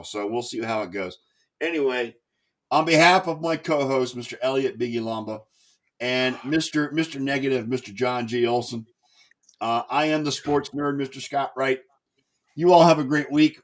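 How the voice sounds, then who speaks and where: A man hosting a casual sports podcast, easygoing and stumbling over repeated words. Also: medium pitch. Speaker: podcast host.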